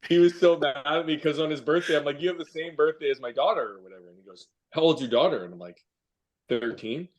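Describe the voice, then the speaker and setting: A man's voice: fairly high pitch, quick pace. Man in his forties telling road stories. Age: 40s. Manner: relaxed storytelling, swearing freely. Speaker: podcast host. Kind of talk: casual chat.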